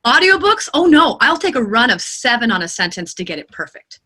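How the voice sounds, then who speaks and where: Bright-voiced expressive woman narrator. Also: fairly high pitch, brisk, husky. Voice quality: expressive, animated storyteller. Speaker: audiobook narrator and voice actor. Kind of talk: interview answers.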